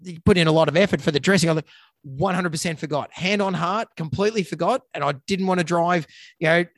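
An Australian man with a slightly raised pitch rambles through a joking anecdote as a podcast co-host. His voice is close and dry, with no room sound around it, and comes through a remote call recording. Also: fast talker, dry recording. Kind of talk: casual chat.

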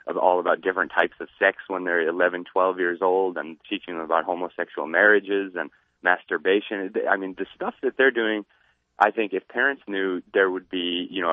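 A man speaking as a guest columnist on a radio show, intense and deliberate. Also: sits low, no echo. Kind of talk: radio interview. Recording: tinny phone line.

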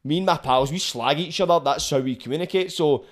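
Quick-talking sweary Scottish man. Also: on the high side. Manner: sweary, laid-back banter. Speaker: podcast host. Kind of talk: casual chat.

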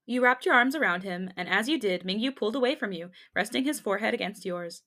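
A woman's voice: medium pitch, animated, fast, bright, forceful tone. A young woman co-hosting a podcast, reading fanfiction aloud with jokey asides and frequent laughter. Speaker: podcast co-host.

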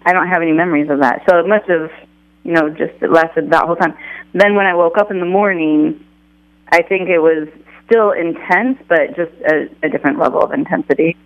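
A man being interviewed as an author, speaking haltingly with lots of fillers as he thinks back. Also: on the high side, dry recording, highs cut off. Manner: halting, many fillers, thoughtful. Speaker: author guest. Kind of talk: conversational interview.

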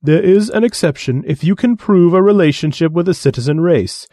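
A man's voice: on the high side, a little fast, mellow, no echo, studio quality, voice pushed up, lightly acted. A man voicing a haughty male alien envoy who lectures in a pompous, condescending way.

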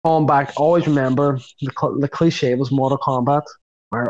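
A man co-hosting a podcast, rambling and quick to laugh in casual chat. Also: mid-range voice, fairly even intonation. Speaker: podcast co-host. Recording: dull lo-fi sound.

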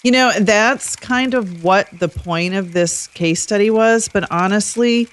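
A woman talking casually as a guest co-host on a podcast about her car, in an unhurried, chatty way. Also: medium pitch.

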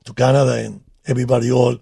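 An older man whose first language is not English, speaking in halting, broken English as he recalls his playing days in a casual chat. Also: medium pitch, flat delivery, gravelly, warm tone, husky, dry recording, clean studio sound. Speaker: former soccer player guest.

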